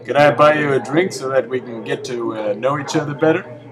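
A man's voice: mid-range voice, brisk, crowd noise, lightly acted. A man playing a stiff, cheesy pickup-line guy. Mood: earnest. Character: earnest adult man using cheesy pickup lines.

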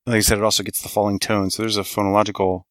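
A man hosting a casual podcast chat, wry and quick to laugh. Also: fairly low pitch, little pitch movement, no echo. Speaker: podcast host.

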